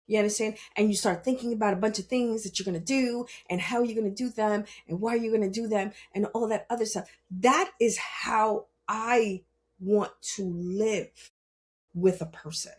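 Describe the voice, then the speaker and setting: A woman podcast host and spiritual healer telling a personal story, swinging between loud emphasis and hushed asides, laughing often and swearing. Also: mid-range voice, fairly even intonation, normal speed.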